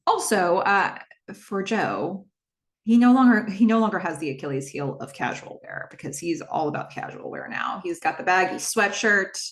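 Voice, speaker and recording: A woman hosting a podcast, casually retelling a TV episode scene by scene and quoting the characters' lines with lively jumps in her voice. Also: lowish voice, roomy sound. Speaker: podcast host recapping a TV episode. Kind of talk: casual solo recap narration.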